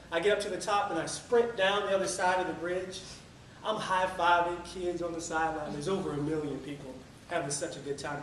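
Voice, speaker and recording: A man telling a marathon story as a lively motivational speech at a club meeting. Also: on the high side. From Tampa area. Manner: energetic storytelling, sings a few lines. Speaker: public speaker. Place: meeting room. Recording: echoey room from far off, faint noise.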